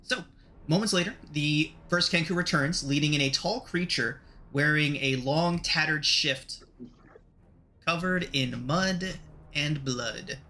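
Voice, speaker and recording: A man narrating a tabletop game as game master, relaxed and full of fillers. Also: fairly high pitch, takes it slowly.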